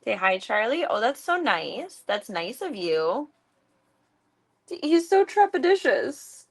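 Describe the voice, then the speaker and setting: A woman streaming from her home, chatting casually and cooing at her cats in a high voice. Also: sing-song, takes it slowly, gravelly. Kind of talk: casual livestream chat. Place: home with pets.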